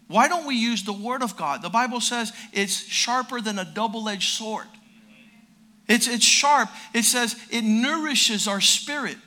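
Male pastor, high bright voice, emphatic repeating sermon delivery. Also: moderate pace. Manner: drops to a quiet storytelling voice.

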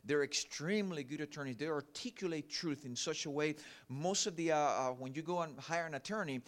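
A man's voice: a little high, a little fast. A middle-aged man from Cuba with a Cuban Spanish accent, preaching a sermon earnestly with many fillers. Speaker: pastor.

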